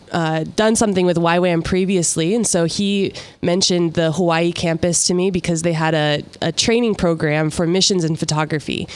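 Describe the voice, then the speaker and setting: Young woman, radio talk show guest, smooth clear voice, dry close sound, upbeat and chatty. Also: fairly low pitch, no room sound. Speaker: guest, mission volunteer.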